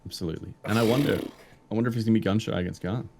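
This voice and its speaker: A man's voice: on the low side, racing, creaky, background noise. A man co-hosting a podcast in casual chat, laid-back, often answering with short agreements. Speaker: podcast co-host.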